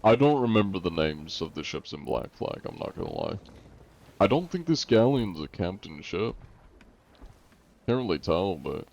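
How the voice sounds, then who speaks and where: A man with a put-on Russian accent chats and teases his viewers while he plays a game, his voice sitting fairly low. The stream audio sounds a little muffled and dull. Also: huge pitch swings, moderate pace, vocal fry, a little mellow. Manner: joking, teasing, playing a mock-Russian persona. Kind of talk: casual livestream gaming chat.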